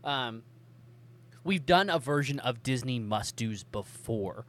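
A talkative man hosting a podcast, chatting in a loose, rambling way and filling gaps with ums. His voice sits at an ordinary pitch for a man. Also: animated, slow pace, fairly bright tone. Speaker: podcast host. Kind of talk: casual podcast chat.

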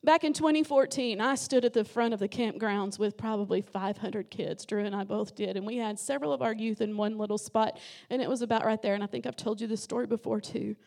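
Impassioned high-voiced woman preaching. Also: fairly quick, creaky, few pauses. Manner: impassioned, rising to shouts. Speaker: guest preacher. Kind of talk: Pentecostal sermon. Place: church sanctuary.

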